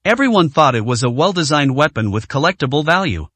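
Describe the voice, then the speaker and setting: Lively, fairly high male storyteller. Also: fast, no echo. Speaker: narrator. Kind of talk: scripted story narration.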